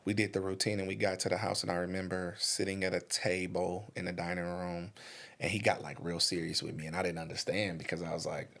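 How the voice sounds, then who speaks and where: Brief: Michigan-raised man, podcast guest, low-pitched with a gravelly edge, lively storyteller. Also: brisk. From Muskegon Heights, Michigan. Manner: lively, laughs often, repeats phrases for emphasis. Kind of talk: conversational storytelling.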